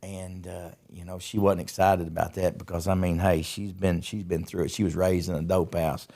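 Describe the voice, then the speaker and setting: Middle-aged man, podcast guest, deep low voice, rambling folksy storyteller. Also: level tone, moderate pace, gravelly, warm tone. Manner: folksy, repeats words as he tells stories. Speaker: podcast guest, recovery ministry founder. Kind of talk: casual testimony storytelling.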